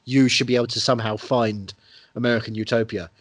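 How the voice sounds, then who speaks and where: A man in mid-range pitch chats about movies with eager, joking energy, jumping from one tangent to the next. The sound is dry and close, with no room around it. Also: brisk, dry recording. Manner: enthusiastic, jokey, drifts into tangents. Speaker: podcast co-host. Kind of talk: casual film chat.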